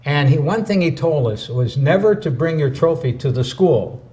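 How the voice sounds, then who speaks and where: A man co-hosting a talk show, telling a story in an animated, anecdotal way. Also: on the high side, normal speed. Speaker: co-host.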